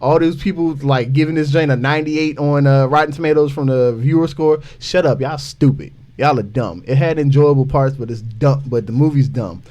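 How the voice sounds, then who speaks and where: A young man on a casual podcast, ranting in an animated way and saying "like" a lot. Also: mid-range voice, normal speed, hardly any pauses. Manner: animated, ranting, heavy use of "like". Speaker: podcast co-host.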